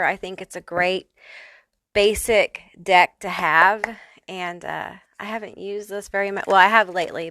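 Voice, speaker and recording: A woman's voice: mid-range voice, gravelly, bright, forceful tone, no echo. A woman giving a casual pick-a-card tarot reading who swears freely and laughs often. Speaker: tarot reader.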